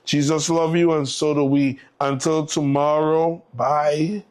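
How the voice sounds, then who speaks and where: A man with a Virgin Islands lilt closes out his live morning show in an encouraging, preachy tone. His voice sits a little high for a man, and he talks in the easy, upbeat way of a show host. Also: level tone, a little slow, darkish tone. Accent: Virgin Islands English. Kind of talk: live show sign-off monologue.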